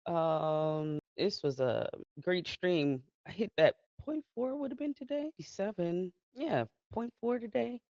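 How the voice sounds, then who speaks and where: Gravelly, lively woman streamer. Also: medium pitch, a little slow, few pauses, no echo, lo-fi sound. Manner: laughs often, chatty and animated. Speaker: live streamer. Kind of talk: casual live-stream chat with viewers.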